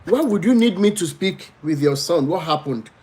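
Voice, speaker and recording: Nigerian male host, spoken storytelling with emphatic pleading and lively pitch jumps. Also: moderate pace. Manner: pleading, animated storytelling with dramatic pitch swings. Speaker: livestream host. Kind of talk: storytelling to live viewers.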